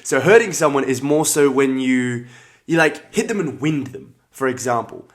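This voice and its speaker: A man's voice: medium pitch, moderate pace. Laid-back Australian man chatting on a livestream. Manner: relaxed, chatty, greets viewers by name, laughs often. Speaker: livestream host, combat sports athlete. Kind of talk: casual livestream chat reading comments.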